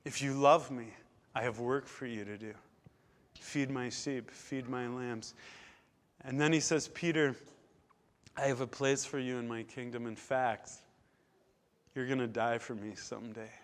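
A man preaching a sermon, emphatic, swinging between loud stressed words and quiet, low drops. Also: fairly even intonation, a little slow, pauses often.

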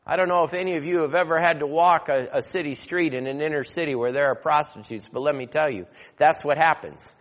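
A man preaching a sermon, telling a story and then growing loud and emphatic as he exhorts. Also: fairly high pitch, a little fast, hardly any pauses. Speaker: pastor. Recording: long hall reverb.

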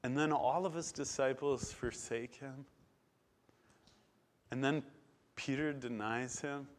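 A man preaching a sermon, retelling scripture with dramatic swings from loud declarations to hushed, quiet passages. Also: medium pitch, slow.

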